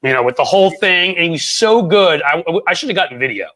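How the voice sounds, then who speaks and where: A man hosting a podcast interview, chatty and enthusiastic, with quick asides to his viewers. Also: fairly high pitch, animated, a bit bright. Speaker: podcast host.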